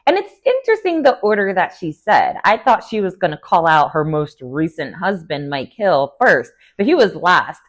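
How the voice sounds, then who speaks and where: A young woman talks through a reality TV episode in a loose, gossipy recap. Her voice sits a little on the lower side. She chats casually and breaks into quick, playful quotes of the people she is describing. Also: very animated. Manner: chatty and gossipy, with sudden playful quoting. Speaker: TV recap vlogger.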